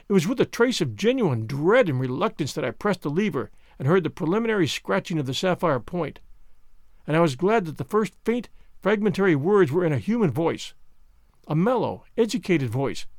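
A man narrating a horror story aloud in a slow, solemn way, chanting the ritual passages. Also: a little high, darkish tone, no room sound, studio quality. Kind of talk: dramatic audiobook reading.

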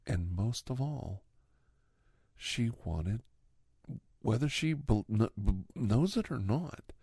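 A man in a whispered role-play, rambling in an earnest, sentimental way with soft whispered asides, close to the microphone. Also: mid-range voice, animated, slow pace, husky, no room sound. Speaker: host playing a doctor character.

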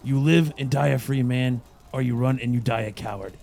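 A man playing a blunt, gravelly fighter. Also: medium pitch, a little fast, darkish tone, lightly acted. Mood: urging. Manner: blunt, threatening.

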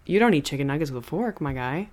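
A woman's voice: sits low, lively intonation, fast talker, a loud crowd. A woman co-hosting a podcast, reacting in a playful, teasing way during a casual chat. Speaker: podcast co-host.

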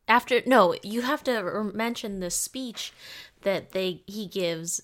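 A woman's voice: medium pitch, slow pace, fairly bright tone, a little hiss or hum. A woman co-hosting a casual movie podcast who laughs often and says "like" a lot. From Boston area. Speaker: podcast co-host.

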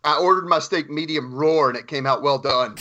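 A man's voice: on the high side, fairly quick, pushed and bright. A man co-hosting a podcast, joking in a sarcastic, profane way in casual banter. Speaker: podcast co-host. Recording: dull lo-fi mic.

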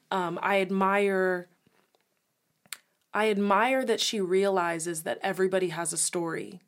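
A young woman chatting openly on a podcast. She is candid and expressive and swears casually now and then. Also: lowish voice. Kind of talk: casual chat.

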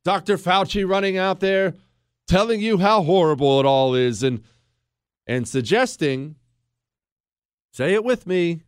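With a high, expressive voice, this political show host delivers a combative, sarcastic rant directly to the listener, using mock voices to quote others. He speaks at a measured pace with frequent pauses, and the studio recording is clean and dry.

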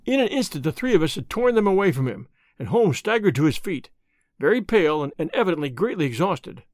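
A man narrating a classic detective story in a measured, expressive reading. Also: high-pitched, no echo, clean studio sound. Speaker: audiobook narrator.

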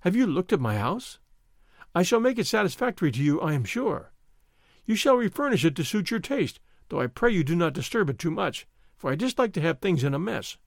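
A man's voice: high-pitched, very animated, brisk, vocal fry, dry recording, studio quality, full character voice. A man reading aloud and voicing an idle young nobleman who drawls lazily and avoids all effort. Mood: languid. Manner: lazy, drawling.

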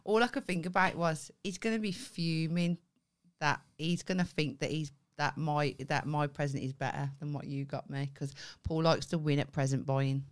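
A woman's voice: low voice, steady tone, normal speed. A woman, co-hosting a casual chat over wine, blunt, sweary and teasing. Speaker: podcast co-host.

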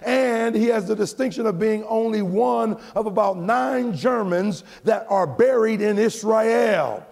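Male American pastor, sermon, high-pitched, gravelly, chanting preaching cadence, long hall echo. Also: unhurried. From United States. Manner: preaching cadence that swells into shouted, half-sung peaks.

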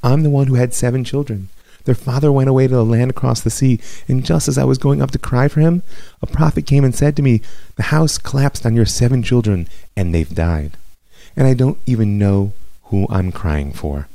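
A man's voice: medium pitch, normal speed, gravelly, mellow, no room sound, voice pushed up, natural voice. A man voicing a grieving mother spirit of Zion. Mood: mournful. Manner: mournful, lamenting. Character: grieving mother, city of Zion in woman's form.

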